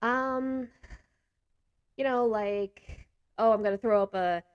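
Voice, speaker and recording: A woman chatting casually to camera as a vlogger, animated, gesturing a lot and laughing often between remarks. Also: a little high, takes it slowly, clean tone, no room sound, lo-fi sound. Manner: talks with hands a lot.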